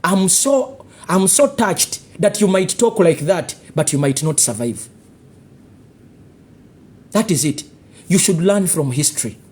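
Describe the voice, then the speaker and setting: Ugandan-accented political commentator, husky and animated, hammering rhetorical questions at listeners. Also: medium pitch. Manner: confrontational, full of rhetorical questions and warnings. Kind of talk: live political commentary monologue.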